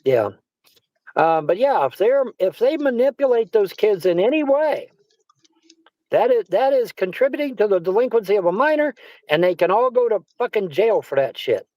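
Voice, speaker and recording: A man's voice: sits high, very animated, moderate pace, a little mellow, dry recording, poor audio. Rambling, swearing man in a dry room. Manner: rambling, repeats himself, swears. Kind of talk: casual chat.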